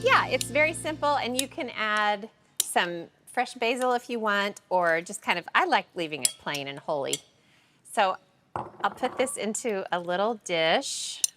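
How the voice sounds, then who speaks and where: A woman's voice: mid-range voice, expressive, a little slow, noisy background. A woman hosting a casual cooking demonstration in a home kitchen, chatty and playful as she talks with the crew. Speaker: cooking show host. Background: background music, sizzling pan.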